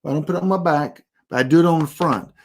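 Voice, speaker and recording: A man's voice: fairly high pitch, fast. A man giving a casual instructional talk on online privacy, emphatic and rambling, often repeating his warnings. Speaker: presenter giving a privacy tutorial.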